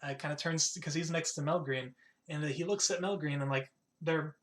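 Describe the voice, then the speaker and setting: A man narrates a tabletop game as game master, in a voice a little higher than usual. He rambles loosely and leans on lots of fillers as he describes the scene. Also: fairly even intonation, moderate pace, fairly bright tone.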